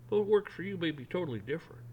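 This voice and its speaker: A man's voice: fairly high pitch, animated, fast, dull audio, slight background noise. A man ranting on a vlog in a folksy, rambling, blunt way. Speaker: vlogger. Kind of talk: opinion rant.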